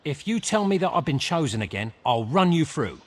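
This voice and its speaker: A sarcastic roguish bard. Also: male voice, on the high side, very animated, fairly quick. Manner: sarcastic, dry, dismissive. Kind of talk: video game voice acting.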